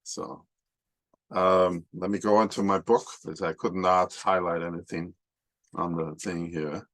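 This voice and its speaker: A man with a very low voice speaks slowly and hesitantly, pausing often with ums and uhs as he reflects. His tone has a bright, forceful edge. The sound is dry and close, coming through a video call. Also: fairly even intonation, dry recording. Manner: hesitant, many fillers and pauses. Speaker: prayer meeting participant. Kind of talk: off-the-cuff reflection. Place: home over a video call.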